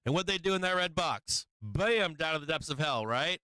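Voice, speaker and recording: Guy running a live trading stream, super bright crisp voice, dry close mic, keeps asking the chat questions. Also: a little high, lively intonation, moderate pace, dry recording. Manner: rhetorical questions to viewers, chats to his cat. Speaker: stock market stream host.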